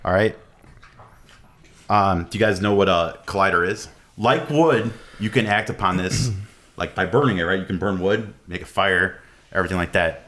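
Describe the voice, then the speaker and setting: Male podcast guest, very low voice, loose rambling explanations. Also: normal speed, fairly bright tone. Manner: rambling explainer, many fillers and restarts. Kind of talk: casual podcast chat.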